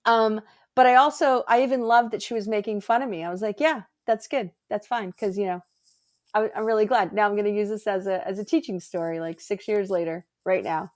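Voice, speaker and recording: A woman guest, an energy healer, chatting casually and telling stories with lively acted-out quotes. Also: a little fast. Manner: animated, acts out quotes in a higher voice. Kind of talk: casual storytelling chat.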